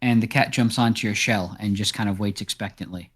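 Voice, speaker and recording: A man narrating as game master in a tabletop game, describing scenes with a relaxed, steady delivery. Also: on the low side, brisk, slightly rough.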